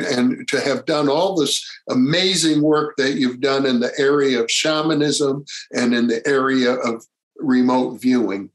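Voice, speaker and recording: A man hosting an interview, gentle and measured, reading out viewer questions. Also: medium pitch, rough recording. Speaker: host.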